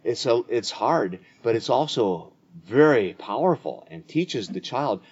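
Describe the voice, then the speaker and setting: A man's voice: medium pitch, expressive, measured pace, few pauses, a little mellow, breathy edge. A man speaking earnestly in a conversation about faith and family, often repeating words as he restarts. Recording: dull lo-fi audio.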